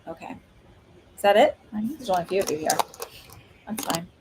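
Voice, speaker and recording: A woman's voice: mid-range voice, expressive, brisk, noisy background. A woman hosting a live stream of oracle card readings, talking in a chatty, rambling way with lots of fillers and laughs. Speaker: psychic medium host.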